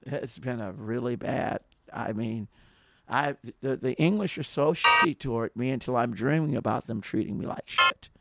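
A man talking in a casual, rambling monologue, telling stories with many restarts and growing louder when aggrieved. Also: mid-range voice, lively intonation, moderate pace, vocal fry, very noisy. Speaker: podcast subject telling stories.

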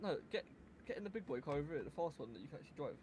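A man with a somewhat high voice, talking casually in a role-play game. He sounds baffled and keeps asking questions. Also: very animated, very fast, darkish tone. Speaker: fellow role-player.

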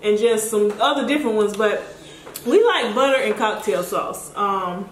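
A woman's voice: medium pitch, expressive, moderate pace. A woman co-hosting a home vlog in casual chat, giggly and chatty. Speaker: vlog co-host. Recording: echoey room with faint noise.

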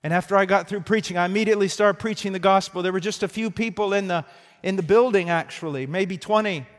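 A man preaching a sermon, telling a story quietly and then rising to loud, fervent shouts. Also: high voice, fast. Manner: storytelling, swings from hushed to shouting. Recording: reverberant hall.

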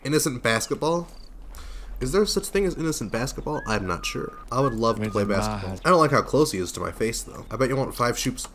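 A man giving casual gameplay commentary, swearing constantly, laughing a lot and breaking into sudden yelled outbursts. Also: mid-range voice, lively intonation, fairly quick. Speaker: gaming video creator. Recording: game music playing under voice.

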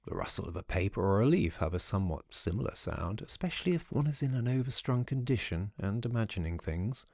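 A man narrating a first-person ghost story audiobook in a measured storytelling manner. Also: fairly low pitch, vocal fry, a little mellow, no room sound, studio quality.

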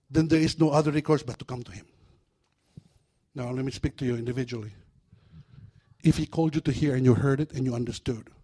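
A man preaching a sermon in a church, animated and humorous, breaking into acted-out voices. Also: fairly high pitch, breathy edge. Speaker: pastor.

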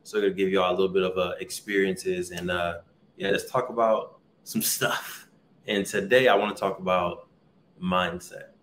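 A man's voice: deep voice, steady tone, normal speed, a bit bright, echoey room, a little hiss or hum. A man hosting a casual podcast, talking with an upbeat, hype-man delivery and leaning on repeated catchphrases. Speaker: podcast host. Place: vacation lodging abroad, indoors.

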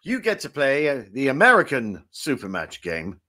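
A man's voice: mid-range voice, huge pitch swings, moderate pace, bright, forceful tone, exaggerated voice. A man doing a jovial old dead game-show host. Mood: chummy. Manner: chummy, rambling, self-mocking banter. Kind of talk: comic improvised game show.

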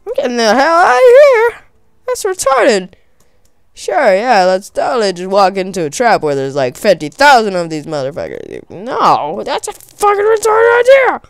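A woman narrates her game in high, animated bursts, swearing and shrieking when panicked. She talks at an unhurried pace, and the sound is dry and close to the mic. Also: vocal fry, clear, resonant tone, no room sound. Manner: excitable, profane, shrieking in panic. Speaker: gamer. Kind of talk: let's play commentary.

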